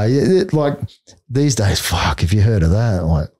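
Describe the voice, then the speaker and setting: A man's voice: lowish voice, big pitch swings, normal speed, mellow, breathy edge, no echo, clean studio sound. A middle-aged Australian man and army veteran, telling stories in a casual podcast interview, blunt and full of swearing. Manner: blunt, heavy swearing, laughing between stories.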